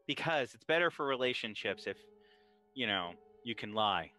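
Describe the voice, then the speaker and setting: A man's voice: mid-range voice, lively intonation, moderate pace, sharp tone, soft background music. A man playing a tabletop game, reasoning aloud in a hesitant, casual way. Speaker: player.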